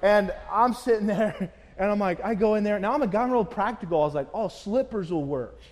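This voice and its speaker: A male pastor with a high voice delivers a sermon in an animated, storytelling way, acting out the people in his story. His voice carries a long echo, as in a large church hall. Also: fast.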